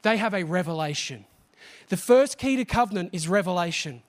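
A man preaching a sermon, animated and often asking the congregation questions. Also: very high-pitched, moderate pace.

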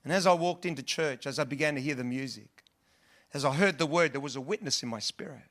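A man's voice: medium pitch, quick pace, a bit bright. A man preaching a sermon to his church in an earnest, conversational way, often restarting his sentences. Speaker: pastor.

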